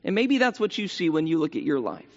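A man's voice: fairly high pitch, big pitch swings, fast talker. A man preaching a sermon in a church, earnest and repeating phrases for emphasis. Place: church sanctuary. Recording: long hall reverb, dull lo-fi sound.

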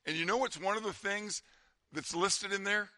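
Man, pastor, sermon delivery; slightly high, very bright voice, conversational with quiet emphasis. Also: moderate pace, no echo, clean studio sound.

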